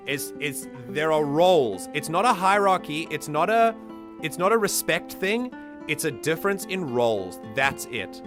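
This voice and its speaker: A man hosting a let's play, chatting casually and explaining his choices as he plays. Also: on the high side. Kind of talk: casual game commentary.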